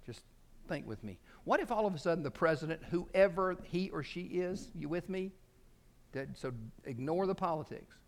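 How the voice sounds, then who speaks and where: Animated preacher with lively pitch. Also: male voice. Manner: animated, conversational preaching with acted quotes. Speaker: pastor. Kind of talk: sermon.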